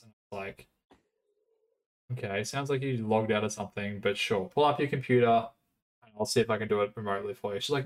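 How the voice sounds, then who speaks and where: A man's voice: lowish voice, brisk. A man co-hosting a podcast, bantering wryly and swearing in casual chat. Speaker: podcast co-host. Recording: podcast microphone.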